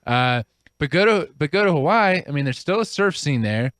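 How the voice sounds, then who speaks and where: Guy on a joke advice panel, lots of uhs, deadpan jokes, dry mic. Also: on the high side, dry recording. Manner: halting, full of fillers, deadpan jokes. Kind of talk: comedic advice panel chat.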